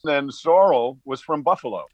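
A man's voice: medium pitch, expressive, normal speed, no echo. Upbeat man in his sixties, dry and dull. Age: 60s. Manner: upbeat, expansive, motivational. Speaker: guest, actor and singer-songwriter. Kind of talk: casual interview chat.

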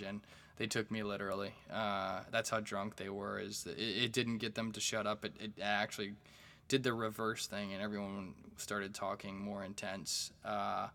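A man hosts his own podcast and tells stand-up stories in a loose, rambling way. His voice sits low but has a bright, forceful ring. He swears freely and stumbles through restarts and fillers. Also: little pitch movement, moderate pace. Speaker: stand-up comedian and podcast host. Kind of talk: casual storytelling monologue.

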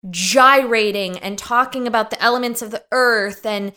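A woman in casual podcast chat, telling animated, profane stories with big swings in pitch. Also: moderate pace. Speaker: podcast guest, commentator on influencers.

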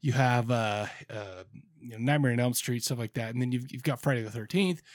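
A man's voice: mid-range voice, brisk, no room sound, studio quality. A man co-hosting a horror podcast, chatting casually and rambling with lots of fillers. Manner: rambling, laid-back, with lots of fillers and restarts. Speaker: podcast co-host. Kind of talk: casual chat.

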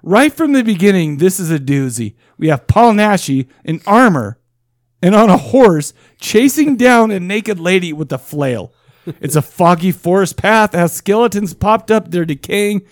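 A man's voice: high voice, animated, unhurried, no room sound, clean studio sound. A man co-hosting a podcast in casual chat, rambling and joking with frequent laughs. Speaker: podcast co-host.

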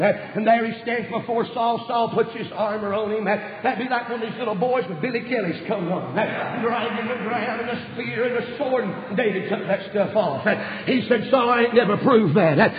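A man's voice: high-pitched, a little fast, few pauses. A male preacher, preaching an impassioned storytelling sermon full of "uh" fillers. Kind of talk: fervent sermon. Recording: dull recording with long hall reverb.

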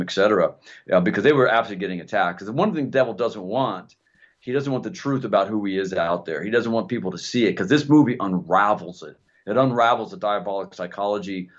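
A man in casual chat, telling an animated story with many restarts and repeated words. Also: on the low side. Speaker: co-host. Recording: dull lo-fi sound.

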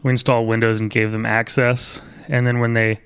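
A man's voice: medium pitch, flat delivery, brisk, fairly bright tone, smooth. A man co-hosting a podcast, chatting casually and joking with lots of fillers. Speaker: podcast co-host. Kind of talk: casual chat.

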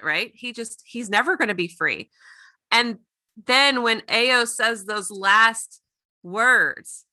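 A woman's voice: medium pitch, bright, forceful tone, dry recording. A woman co-hosting a podcast, gushing through an episode recap. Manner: gushing, quick recap with laughs. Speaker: podcast co-host.

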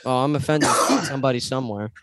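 A man's voice: mid-range voice, quick pace, heavy background noise. Joking man in casual podcast chat. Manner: joking, crude, laughs often. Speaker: podcast co-host.

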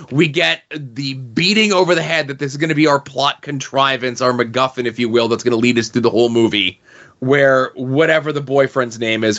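A man's voice: mid-range voice, fairly bright tone, highs cut off. A man hosting a casual movie review chat, sarcastic and rambling, full of "like" and "okay?" asides. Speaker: podcast host.

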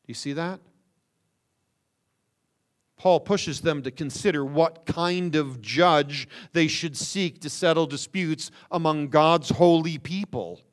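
A man preaching a sermon, stressing words with slow emphasis and rhetorical questions. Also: a little high. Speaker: pastor.

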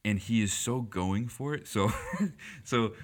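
Deep-voiced man telling a lively anecdote. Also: slow pace. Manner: animated, laughs often, many fillers and restarts. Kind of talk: casual storytelling anecdote.

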